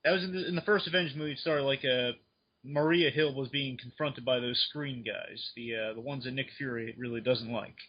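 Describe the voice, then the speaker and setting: A man in casual chat on a fan podcast, excitedly rambling through his speculation. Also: mid-range voice, fairly quick, breathy edge. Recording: dull lo-fi recording.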